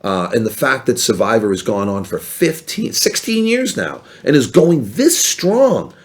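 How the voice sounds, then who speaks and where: A man chatting as a podcast guest, telling animated stories and acting out what other people said. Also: mid-range voice, measured pace. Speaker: podcast guest, former reality show contestant. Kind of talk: casual storytelling chat.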